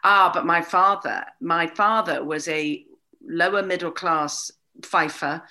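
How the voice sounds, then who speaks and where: A woman talking as an interview guest, animated and candid, with a wry, storytelling manner. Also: lowish voice, slow. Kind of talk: casual conversation.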